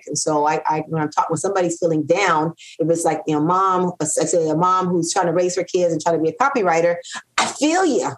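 A middle-aged woman whose first language is not English, speaking as a guest copywriter in a casual interview, animated and repeating phrases for emphasis. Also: lowish voice, low-quality recording.

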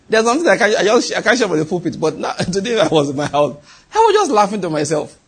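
A man preaching a sermon, animated and husky, acting out voices in the quoted dialogue and dropping from loud to hushed. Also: high voice, fast.

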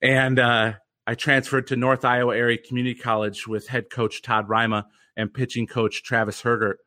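Young guy guest on a podcast, earnest storytelling, kinda bright voice. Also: mid-range voice, little pitch movement, normal speed. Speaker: guest, former pitcher and mental conditioning coach.

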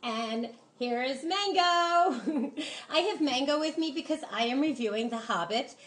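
A chatty woman hosts a casual film review show, rambling with lots of fillers and gushing enthusiastically about the movie. Her voice is high and animated, though she speaks at an unhurried pace.

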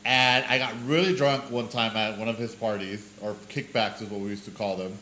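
A man co-hosting a casual podcast chat, telling stories with lively acted-out quotes. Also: on the low side, a little fast, slight background noise. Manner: animated storyteller who acts out quoted voices. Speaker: podcast co-host. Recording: echoey room.

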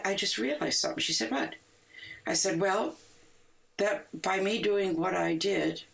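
An older woman, a rock musician, telling stories in a casual interview, animated and quick to laugh, acting out the lines she quotes. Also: deep voice, creaky, poor audio. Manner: animated, laughs often, acts out quoted dialogue.

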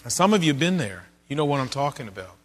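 A male pastor preaching a sermon in a church, earnest and conversational, sometimes dropping to soft, low passages. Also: big pitch swings, fast talker.

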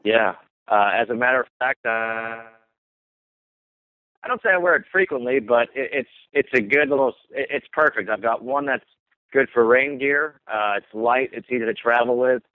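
A man's voice: medium pitch, moderate pace, no room sound. A man who works as a sports broadcaster, casually telling stories about his career in an interview, with many ums and restarts. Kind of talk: relaxed interview answers. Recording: tinny phone line.

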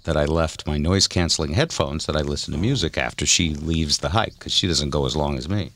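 A man co-hosting a podcast, telling stories in a casual, animated, self-mocking way. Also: very deep voice, brisk. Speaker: podcast co-host. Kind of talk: casual storytelling chat.

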